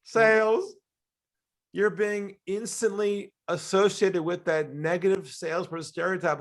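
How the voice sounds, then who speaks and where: A middle-aged Australian man telling sales stories in an interview, animated, often acting out the voices of the people in them. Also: sits high, a little slow. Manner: animated storyteller, acts out quoted voices, laughs often. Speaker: sales trainer guest. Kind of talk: storytelling interview talk.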